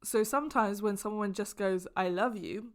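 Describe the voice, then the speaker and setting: A young woman hosting a casual solo podcast, an animated storyteller who exaggerates and laughs often. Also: mid-range voice, normal speed. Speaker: podcast host.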